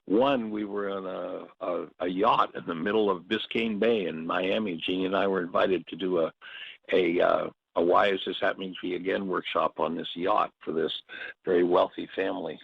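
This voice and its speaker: Deep gravelly man, telling stories while teaching. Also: steady tone, normal speed, dry recording, lo-fi sound. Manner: storytelling, with short acted quotes. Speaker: workshop teacher. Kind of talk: reflective spoken teaching.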